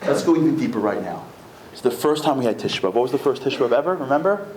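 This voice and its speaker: A man giving a comic, fast-moving religious lecture, acting out the voices of the people in his stories. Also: mid-range voice, lively intonation, a little mellow. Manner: comic, acts out quoted voices, rapid storytelling. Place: packed synagogue hall. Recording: echoey hall with faint room noise.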